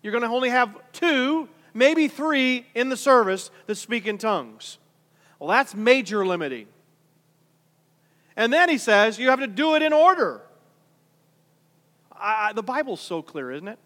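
A middle-aged man preaching a sermon as pastor, conversational, swinging from quiet asides to loud emphatic points. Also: very high-pitched, lively intonation, unhurried, long pauses. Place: large church hall. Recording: reverberant hall.

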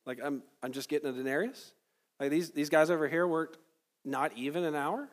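A man's voice: on the high side, steady tone, fairly quick, natural voice. A man voicing an indignant day laborer who complains in disbelief about his pay. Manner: incredulous, complaining, half-joking. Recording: long hall reverb.

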